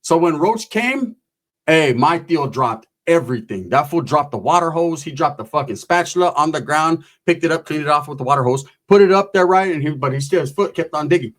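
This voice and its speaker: A man's voice: fairly high pitch, lively intonation, a little fast, a bit bright. A man telling a story in a casual, rambling way, full of slang and swearing.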